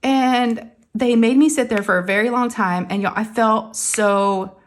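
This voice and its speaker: A woman's voice: medium pitch, moderate pace, slight background noise. A woman, casually telling a story to her viewers and acting out the quotes. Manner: animated, acts out quotes, addresses viewers as "y'all". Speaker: crafting vlogger.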